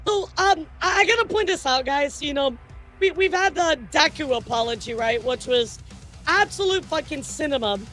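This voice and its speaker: On her casual live stream, this VTuber news streamer chats right to her viewers in a high, bright voice that keeps leaping up with excitement. Giggly and animated, she laughs a lot and swears freely, while faint music plays behind her.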